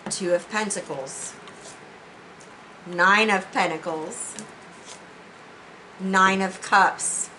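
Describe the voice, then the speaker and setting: A woman's voice: medium pitch, drawn-out words, pauses often, noisy background. A woman giving a spiritual tarot reading, speaking in an earnest, heartfelt way with many restarts. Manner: earnest, heartfelt, often says "you know". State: emotional, near tears. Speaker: tarot reader.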